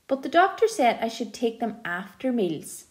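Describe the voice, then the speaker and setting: A woman reading aloud, voicing a tired, frail elderly grandfather who talks slowly and haltingly. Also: fairly high pitch, very animated, darkish tone. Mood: weary. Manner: weary, slow, halting.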